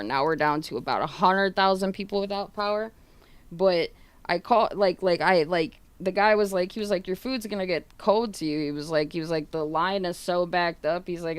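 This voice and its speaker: Woman streamer, low smooth voice, casual rambling storyteller, dry close sound. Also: no room sound. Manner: rambling, full of fillers and casual swearing; retells others' words in quoted dialogue.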